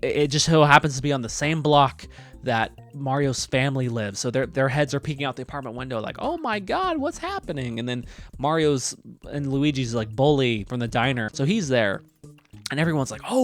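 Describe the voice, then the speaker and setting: A man's voice: mid-range voice, fairly bright tone. A young man giving a casual, chatty movie review, swearing freely and mocking what he describes.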